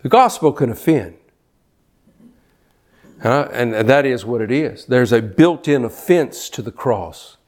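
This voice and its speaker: A man's voice: mid-range voice, expressive, measured pace, pauses often, darkish tone. An older man preaching a sermon, fervent, often repeating words as he builds to a point. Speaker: pastor.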